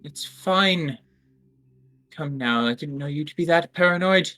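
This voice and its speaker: A man's voice: fairly high pitch, a little slow, bright, forceful tone. A man voicing a haughty male lord who speaks curtly and condescendingly. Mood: dismissive. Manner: curt, condescending.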